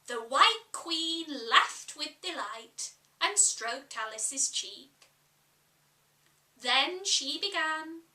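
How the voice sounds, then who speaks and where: Bright, slow, expressive woman storyteller. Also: high-pitched, distant mic. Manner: expressive, measured. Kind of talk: reading a classic children's story aloud. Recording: echoey room, voice off-mic.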